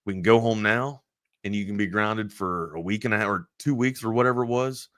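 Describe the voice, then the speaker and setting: A man hosting a sports talk show, telling a long personal story in a rambling, animated way full of restarts. He is from Maryland. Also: on the low side, fairly quick, dry recording, clean studio sound. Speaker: sports talk radio host.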